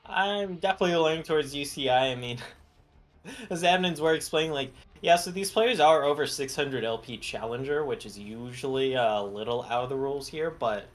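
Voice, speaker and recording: A man's voice: mid-range voice, normal speed. A man giving casual predictions on an esports analyst desk, chuckling and using plenty of fillers. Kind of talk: live esports desk talk.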